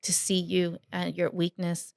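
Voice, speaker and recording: A woman co-hosting a podcast, speaking in a hesitant, halting and soft-spoken way. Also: fairly low pitch, completely flat delivery, gravelly, no echo, clean studio sound. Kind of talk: casual conversation.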